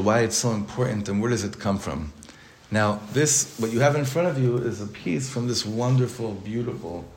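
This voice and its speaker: A rabbi teaches an informal Torah class to his congregation in a synagogue study hall, his medium-pitched voice carrying a little hiss or hum in the echoey room. His delivery is conversational, full of restarts, jokes on the side and many Hebrew and Yiddish words.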